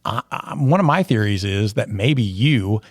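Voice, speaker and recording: A man's voice: fairly low pitch, lively intonation, a little slow, no echo. Chatty jokey man, dry close sound. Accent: general American. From Tennessee. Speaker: teacher and podcast host. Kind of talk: casual interview chat.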